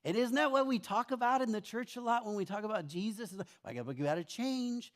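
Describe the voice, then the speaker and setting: A man's voice: high-pitched, quick pace. A middle-aged man preaching a sermon in a church, telling stories conversationally and acting out his own complaints. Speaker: pastor.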